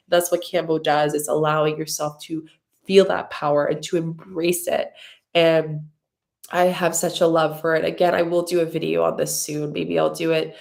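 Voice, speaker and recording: A woman's voice: low voice, little pitch movement, moderate pace, vocal fry, darkish tone. A woman hosting a live stream, answering viewer comments in a loose, rambling way, effusive and openly emotional with lots of gratitude. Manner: loose, rambling with many fillers. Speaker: spiritual mentor and channel host.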